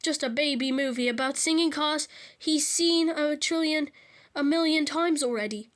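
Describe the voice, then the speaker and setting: A woman reading a children's storybook aloud, lively, with small slips and restarts. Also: high-pitched, moderate pace.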